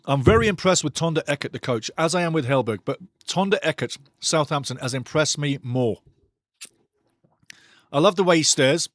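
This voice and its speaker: A man's voice: fairly high pitch, expressive, normal speed, dry recording, clean studio sound. Passionate man calling a match. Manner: loud, passionate, mocking the referee. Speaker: watch-along football commentator. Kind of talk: live match commentary with chat banter.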